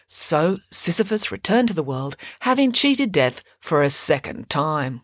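A woman's voice: low voice, big pitch swings, a little slow, hardly any pauses, no echo, clean studio sound. A woman narrating a children's myth retelling with playful asides, as host of a story show.

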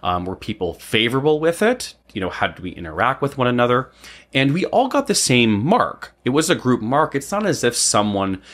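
With a medium-pitched, fairly bright voice, a roughly forty-year-old man relates a personal story very animatedly and briskly, rambling, using lots of "um," and dropping "right?" between thoughts.

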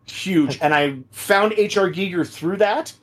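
A man telling animated, laugh-filled stories as a guest in a casual podcast chat. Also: sits high, unhurried. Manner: animated storyteller, swears and laughs often.

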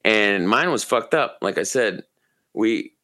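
A man with a lowish voice tells a long, rambling story as a podcast co-host. His talk is loose, casual and full of swearing. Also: expressive, takes it slowly, bright, forceful tone. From Maine. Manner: profane, rambling, laid-back storyteller.

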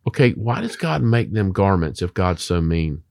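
A man's voice: low voice, sing-song, normal speed, vocal fry, darkish tone, no room sound, studio quality. A man who is a Christian author, talking about faith in an emphatic, preacher-like way full of rhetorical questions.

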